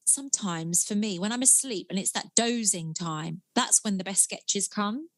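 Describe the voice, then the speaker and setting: A woman's voice: mid-range voice, moderate pace, dry recording. A woman comedian, chatting animatedly at home as a podcast guest. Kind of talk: casual podcast conversation.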